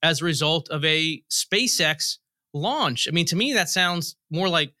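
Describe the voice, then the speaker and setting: A man's voice: on the high side, expressive, unhurried, sharp tone, no echo, clean studio sound. A man being interviewed as a guest on a podcast, explaining policy and telling analogies as he goes. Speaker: guest, federal commissioner. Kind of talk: interview answers.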